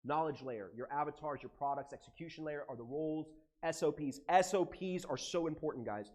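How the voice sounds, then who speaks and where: An American man with a somewhat high voice gives a live seminar talk to a room full of people. He speaks in an animated, emotional way and swears casually as he goes. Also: fairly quick. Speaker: conference speaker. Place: conference room with audience.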